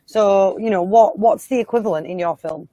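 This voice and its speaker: A woman on a comedy panel telling a playful, lively comic story over a video call. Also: mid-range voice, normal speed, no echo. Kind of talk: casual comedic chat.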